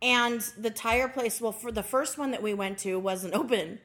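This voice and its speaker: A woman's voice: fairly high pitch, normal speed, a bit bright. A woman podcast host in casual chat, telling a funny story with lots of giggling and free swearing.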